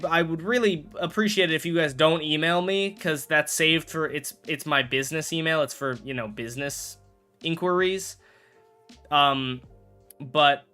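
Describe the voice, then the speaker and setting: Young guy streaming, rambly and jokey, bright crisp voice. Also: fairly high pitch, unhurried, soft background music. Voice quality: rambling, self-correcting, jokey. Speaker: live streamer. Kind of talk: casual live-stream chat while gaming.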